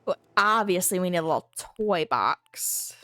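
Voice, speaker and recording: A woman's voice: lowish voice, expressive, measured pace, pushed and bright, slight background noise. A young woman streaming a video game from home, thinking aloud in a rambling, casual way and humming to herself. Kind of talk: casual live-stream chatter while playing.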